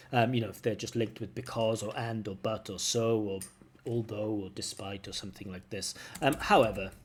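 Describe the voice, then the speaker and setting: A man's voice: medium pitch, a little hiss or hum. A man giving spoken exam feedback as a language examiner, talking conversationally and explaining step by step.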